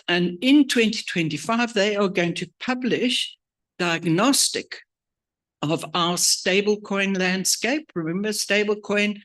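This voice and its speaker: A presenter on a conference stage, running briskly and cheerfully through a list of agenda items. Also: medium pitch, fairly bright tone.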